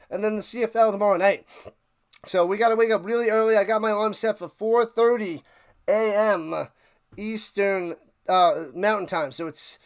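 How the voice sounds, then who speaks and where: High, clear-voiced excited stream host. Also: male voice. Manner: excited, rambling, talks to chat viewers. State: out of breath. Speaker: sports livestream host. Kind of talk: casual live-stream sign-off chat.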